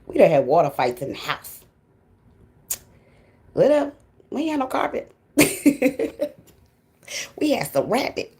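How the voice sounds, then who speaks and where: A woman's voice: a little high, big pitch swings, unhurried, pauses often, darkish tone. A woman who hosts a tarot channel, talking to viewers in a blunt, profane casual monologue and laughing often. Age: adult with grown children. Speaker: tarot reader and channel host.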